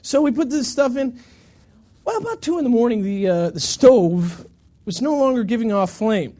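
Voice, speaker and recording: A pastor telling a long, self-mocking story during a sermon, acting out the quotes with lots of energy. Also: male voice, extremely high pitch, expressive, moderate pace, mellow.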